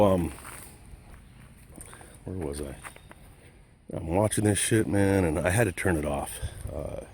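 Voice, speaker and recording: A man's voice: low voice, a little mellow, slight background noise. A man vlogging outdoors, ranting angrily and profanely in a rambling, casual way. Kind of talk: casual rant to camera.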